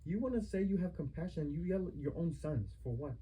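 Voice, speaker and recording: A young man argues with his mother in a heated confrontation, asking the same accusing questions again and again. His voice sits high for a man but sounds dark and husky. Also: expressive, a little fast, low-quality recording. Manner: accusing, repetitive rhetorical questions. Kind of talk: heated family argument.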